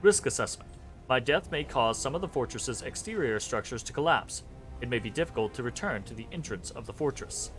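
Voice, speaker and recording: A man voicing an imprisoned male metal construct in a flat, semi-robotic delivery of clipped, protocol-style statements. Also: medium pitch, a little fast, soft background music, close to an everyday voice. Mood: clinical. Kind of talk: reading game dialogue aloud.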